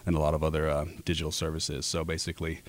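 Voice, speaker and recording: With an extremely low voice and a completely flat delivery, this Alaskan man in his thirties talks fast about his job in ad sales. As a radio guest in a casual interview, he speaks earnestly but fills his speech with fillers and restarts. There is no echo.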